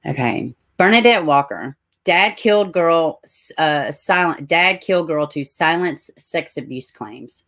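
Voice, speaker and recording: Low-voiced Tennessee woman livestream host. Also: animated, measured pace, fairly bright tone. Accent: Tennessee Southern US. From Tennessee, USA. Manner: chatty, frequent asides and self-corrections. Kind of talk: casual livestream talk, reading news aloud.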